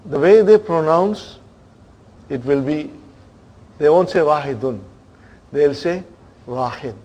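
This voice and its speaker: Slow-paced patient male teacher. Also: on the high side, dark tone. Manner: patient, repeats words slowly, checks in with students. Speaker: Arabic teacher. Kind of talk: classroom lesson.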